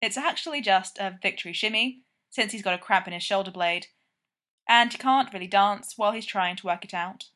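A woman's voice: medium pitch, brisk, bright, forceful tone. Woman reading a story casually. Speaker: reader. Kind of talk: fan fiction read aloud.

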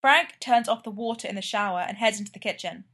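A woman's voice: medium pitch, fast talker, pushed and bright, slightly rough. Woman reading a story aloud. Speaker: reader. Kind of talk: fan fiction read aloud.

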